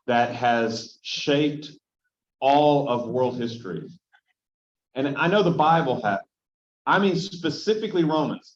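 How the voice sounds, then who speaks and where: A male pastor teaching a casual Bible study, talking conversationally and often checking in with his listeners. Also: medium pitch. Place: church hall. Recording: roomy, dull lo-fi room sound.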